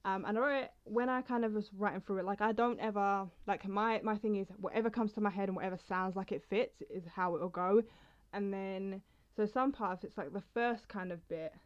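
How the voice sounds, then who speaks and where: A young woman poetry vlogger talks casually about her poems and reads them, chatty and rambling, interrupting herself along the way. Her mid-range voice is smooth and a little fast, with hardly any pauses. The lo-fi recording sounds slightly dull.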